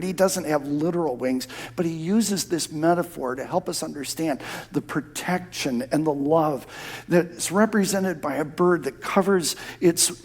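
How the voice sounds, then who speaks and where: A male pastor preaching a sermon, dropping to a soft hush for prayers and rising to emphatic shouts on key phrases. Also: fairly high pitch. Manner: drops to a soft hush when quoting prayer.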